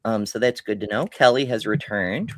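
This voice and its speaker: A woman's voice: very deep voice, normal speed, no echo. A woman co-hosting a podcast, reading out viewer comments and answering them in a frank, casual way. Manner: reads out chat messages, then comments with frank, blunt remarks. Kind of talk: casual chat.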